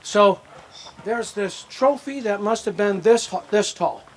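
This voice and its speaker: A man's voice: high voice, slow. An older man giving an anecdotal acceptance speech at an outdoor ceremony, rambling through stories and acting out the dialogue. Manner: rambling storyteller who acts out dialogue. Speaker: hall of fame inductee giving a speech. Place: outdoor ceremony at a disc golf course.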